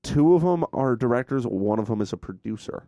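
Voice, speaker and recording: A man's voice: mid-range voice, expressive, fairly quick, warm tone, no room sound. A man co-hosting a casual chat, wry and dry, posing trivia questions. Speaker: podcast co-host, quiz asker.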